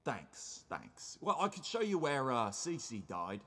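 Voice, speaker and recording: A man's voice: mid-range voice, big pitch swings, slow pace, pushed and bright, breathy edge, exaggerated voice. A man playing an eager, rambling old circus ghost in an improvised comedy scene. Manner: hesitant, rambling with many ums.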